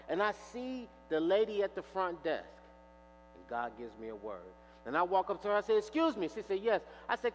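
Man preaching, acts out every line of the story, voice jumps all over, bit of hall echo. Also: high-pitched. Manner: animated storyteller, acts out dialogue. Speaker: pastor. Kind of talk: sermon with storytelling. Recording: reverberant hall with faint mains hum.

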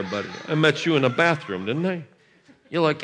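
A man preaching at a revival service in a church, laughing and shouting bursts, gentle with the children he blesses. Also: fairly high pitch, sing-song, normal speed, a little hiss or hum. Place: church sanctuary.

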